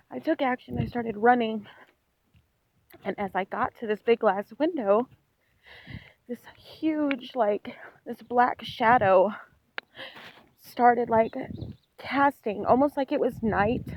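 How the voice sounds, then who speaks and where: A woman vlogger recounting a dream as she walks outside, telling it in a rambling, animated way with lots of "like". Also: a little high, measured pace, pauses often, a little hiss or hum. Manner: rambling, animated storytelling full of "like". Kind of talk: walk-and-talk dream retelling. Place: outdoors on a street while walking. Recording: dull lo-fi recording.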